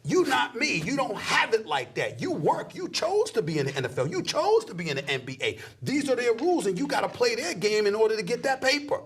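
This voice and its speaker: A man's voice: very high voice, sing-song, fairly quick, hardly any pauses, fairly bright tone, breathy edge. A middle-aged man talking emphatically and preachily in a heated sports conversation. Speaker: sports commentator guest.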